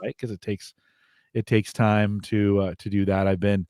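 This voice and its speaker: A man co-hosting a podcast in casual chat, explaining in a relaxed way, trailing off and restarting. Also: fairly low pitch, normal speed, clean tone, dry recording, studio quality. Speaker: podcast co-host.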